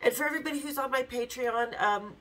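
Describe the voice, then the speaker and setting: A woman hosting a podcast, candidly telling a story with swearing and animated quoted lines. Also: a little high, fast, poor audio. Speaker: podcast host. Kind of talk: casual storytelling.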